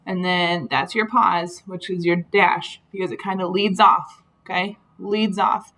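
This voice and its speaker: A woman's voice: fairly low pitch, steady tone, measured pace, a bit bright, low-quality recording. A woman teacher talking through grammar slides in a patient, explanatory way, with frequent ums. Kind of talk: recorded slide lesson.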